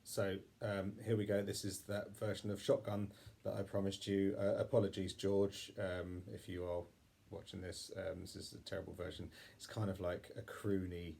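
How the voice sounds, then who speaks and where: A man's voice: low voice, monotone, normal speed, vocal fry, mellow, soft background music. Self-deprecating man teaching ukulele. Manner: self-deprecating, apologetic, chatty. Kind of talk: casual music tutorial. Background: ukulele playing.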